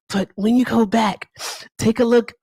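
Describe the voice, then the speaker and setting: A woman's voice: fairly high pitch, a little mellow, husky, no echo, pitched above the performer's own voice, heavily acted. Woman doing an impression of a blunt, boastful old politician. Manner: repetitive, emphatic, short declarations.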